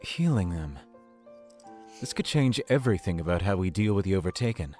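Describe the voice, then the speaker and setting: A man voicing a polite, flirtatious male town official in a video game, smooth and persuasive. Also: sits low, expressive, a little fast, a little mellow, faint music behind. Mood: courteous.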